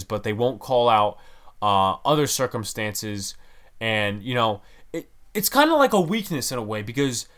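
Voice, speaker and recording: A man's voice: medium pitch, a bit bright. A man ranting as a sports fan, heated and exasperated, firing off rhetorical questions.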